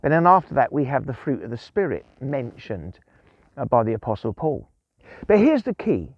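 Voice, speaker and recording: Male guest preacher, chatty storyteller, animated delivery, slightly muffled recording. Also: mid-range voice, moderate pace, no room sound. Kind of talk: informal devotional talk. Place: outdoors in the countryside.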